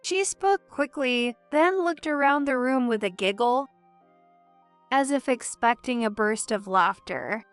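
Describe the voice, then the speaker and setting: A woman tells a first-person family drama in a measured, steady storytelling voice. Her voice is fairly high, smooth and clear, and she speaks slowly over faint background music. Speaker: narrator.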